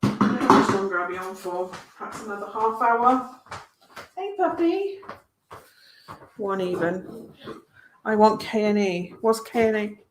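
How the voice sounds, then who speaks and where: A woman's voice: medium pitch, fairly even intonation, moderate pace, background noise. Chatty woman hosting a card-reading live stream. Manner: chatty, rambling, encouraging, reads comments aloud. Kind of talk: casual live-stream chat with viewers.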